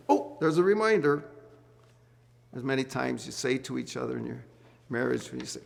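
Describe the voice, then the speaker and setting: With a mid-range voice full of vocal fry, a middle-aged man talks fairly quickly as he leads a marriage study group. He teaches the Bible earnestly to couples, repeating key words and asking the group questions.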